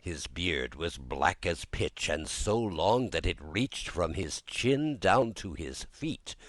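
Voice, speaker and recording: A man giving an expressive, dramatic audiobook narration of a children's story. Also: low voice, slow, no room sound.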